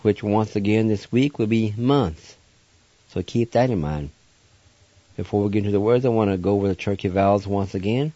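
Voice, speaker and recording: A man's voice: on the low side, brisk, mellow, no room sound. An older man hosting a radio language lesson, patiently spelling and repeating each word syllable by syllable. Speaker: radio host teaching language. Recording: muffled dry radio recording.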